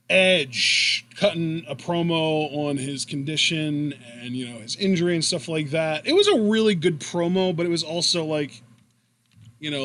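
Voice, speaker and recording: A man's voice: a little high, bright, forceful tone, slight background noise. A young man co-hosting a casual wrestling chat, talking at length and laughing easily. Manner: chatty, rambling, laughs easily. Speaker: co-host.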